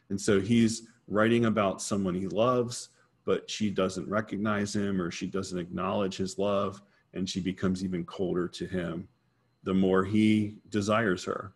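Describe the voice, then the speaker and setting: A man's voice: sits low, level tone, measured pace, breathy edge. A man teaching an informal poetry lesson, thinking aloud and correcting himself as he works things out.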